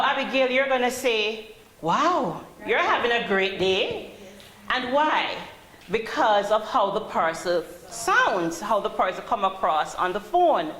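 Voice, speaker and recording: Slow, deliberate woman trainer. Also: fairly high pitch, fairly bright tone. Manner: calls on students, asks questions. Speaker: call-centre trainer. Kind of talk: classroom teaching. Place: training classroom. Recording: roomy classroom, faint hum.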